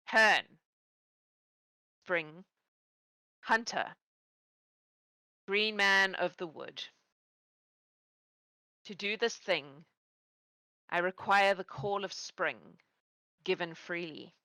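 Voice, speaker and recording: A woman voicing Titania, a regal fey queen of summer who speaks in a measured, formal and cutting way. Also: on the low side, pushed and bright, no room sound, full character voice. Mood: solemn.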